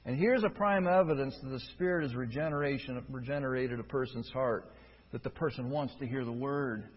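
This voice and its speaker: A man preaching a sermon, emphatic, rising from quiet stretches to loud, forceful peaks. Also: medium pitch, brisk, breathy edge. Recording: dull, lo-fi with long hall reverb.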